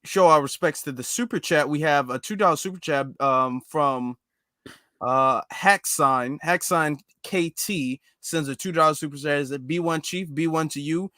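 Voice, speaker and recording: Bright-voiced male host, polite. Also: fairly high pitch, normal speed, no echo, clean studio sound. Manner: polite, affirming. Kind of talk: live-stream hosting.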